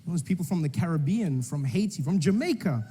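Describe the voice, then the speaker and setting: A man's voice: a little high, animated, fairly quick, mellow. A South African man performing stand-up comedy in a conversational storytelling manner.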